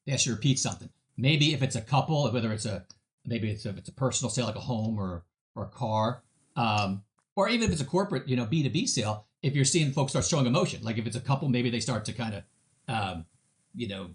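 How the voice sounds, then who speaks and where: A man's voice: mid-range voice, quick pace. A man talking as a sales trainer in a casual interview, telling stories and acting out other people's voices with lots of restarts. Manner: animated storyteller, acts out voices of customers; many fillers and restarts.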